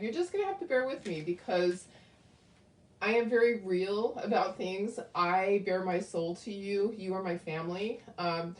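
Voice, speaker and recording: A woman hosting a casual craft livestream, talking to viewers with lots of ums and asides, grieving and close to tears. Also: medium pitch. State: grieving and tearful. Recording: echoey room.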